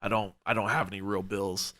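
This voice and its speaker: A young man from Oregon co-hosting a podcast, talking in a casual, animated way with plenty of swearing and self-mockery. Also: on the low side, a little fast, slight background noise. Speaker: podcast co-host. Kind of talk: casual chat.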